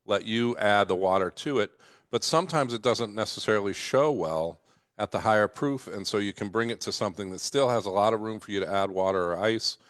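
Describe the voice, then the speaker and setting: Low-voiced man explaining calmly. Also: no echo, clean studio sound. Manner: measured, explaining, with hesitations. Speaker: distiller guest. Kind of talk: casual radio chat.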